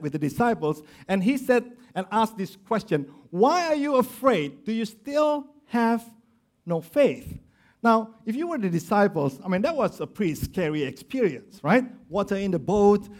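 High-voiced man preaching with big swings. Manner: preaching with swings from loud emphasis to low quiet stress; acts out quoted voices of grumblers and of Jesus. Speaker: pastor. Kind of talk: sermon.

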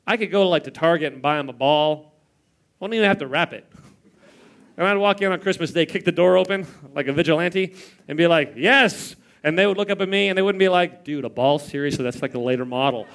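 A man's voice: high voice, quick pace, vocal fry. A man in his thirties preaching a sermon in church, telling stories with playful mimicry and chuckles. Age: 30s. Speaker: pastor.

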